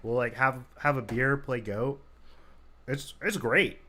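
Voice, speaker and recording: A man casually commentating a card game match, relaxed and chatty with lots of fillers. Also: medium pitch, slow.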